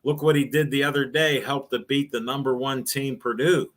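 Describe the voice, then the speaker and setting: An older man, once a sports radio host, talks at a middle pitch. He rambles from one anecdote to the next, slipping into the voices of the people in his stories. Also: steady tone, normal speed. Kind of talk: storytelling in a casual interview.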